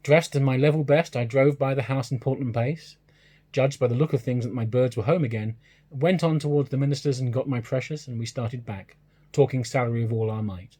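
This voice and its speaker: A man reading a classic short story aloud in a measured, even narration. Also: medium pitch. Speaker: reader.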